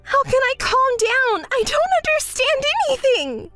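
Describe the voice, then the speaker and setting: A woman voicing a spoiled, entitled young woman in a texting story, whiny and quick to throw tantrums. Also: very high voice, sing-song, a bit bright, faint music behind, voice pushed up, heavily acted. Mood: whiny frantic.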